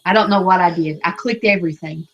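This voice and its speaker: A woman's voice: fairly low pitch, quick pace, highs cut off, background noise. Woman laughing at herself, chatty, easygoing. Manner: giggly, self-deprecating. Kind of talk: casual chat.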